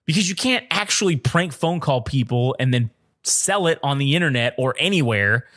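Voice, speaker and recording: A man co-hosting a podcast, telling a story in an animated, profane way and laughing often. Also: mid-range voice, moderate pace. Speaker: podcast co-host. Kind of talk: casual storytelling chat.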